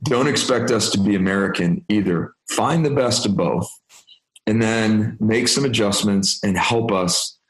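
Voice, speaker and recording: A man in his fifties, a guest in an interview, telling stories in an animated way and acting out quoted dialogue. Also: on the low side, a little slow. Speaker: interview guest, business executive. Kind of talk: storytelling interview. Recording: roomy echo.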